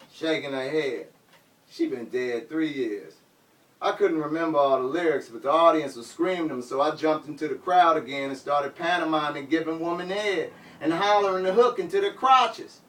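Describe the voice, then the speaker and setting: A man performing his poetry and prose aloud at a bookshop reading, with a rhythmic, rap-like delivery. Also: on the high side. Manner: rhythmic, rap-like delivery with sudden loud shouts. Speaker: poet reading his work. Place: bookshop reading in front of an audience. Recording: roomy sound, mic far off.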